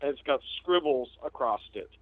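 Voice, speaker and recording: A man's voice: medium pitch, expressive, moderate pace, no echo. A man chatting as a player in a tabletop game, explaining his moves earnestly and stumbling over words. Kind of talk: casual tabletop chat. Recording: dull dry lo-fi mic.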